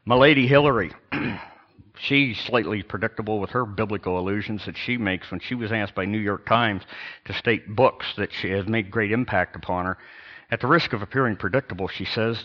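An older man, a pastor, preaching a sermon in an emphatic, sarcastic way with pauses and restarts. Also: fairly low pitch, lo-fi sound.

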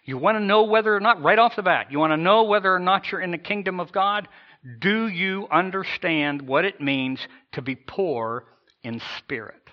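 A man's voice: sits high, moderate pace, dull audio. A man preaching a sermon with emphasis, rising and falling in intensity and acting out imagined voices. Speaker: pastor.

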